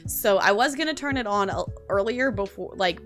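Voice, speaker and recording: A woman's voice: mid-range voice, lively intonation, normal speed. A young woman, chatting casually with her stream audience, rambling with lots of fillers and restarts. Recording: faint background music. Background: soft lo-fi music.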